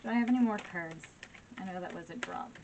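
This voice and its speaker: Woman tarot reader, low-pitched, encouraging and chatty, noisy recording. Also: fast talker, lo-fi sound. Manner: warm, encouraging, full of "right?" and "okay?". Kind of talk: casual tarot reading to viewers.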